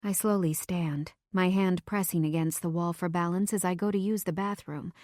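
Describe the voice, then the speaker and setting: A woman's voice: on the low side, fairly even intonation, normal speed, darkish tone, no room sound. A young adult woman narrating a first-person romance audiobook in an emotive, confessional way on a close studio mic.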